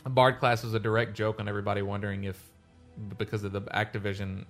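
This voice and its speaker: A man's voice: fairly low pitch, fairly even intonation, fast, fairly bright tone, faint music behind. A man hosting a casual gaming podcast, rambling and laughing often. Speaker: podcast host. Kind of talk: casual chat.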